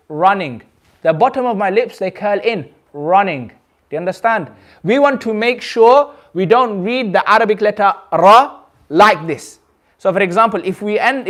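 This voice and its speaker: A man with a British accent teaching a recitation class, patiently repeating and demonstrating sounds and often checking that the students understand. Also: high-pitched. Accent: British English. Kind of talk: classroom tajweed lesson.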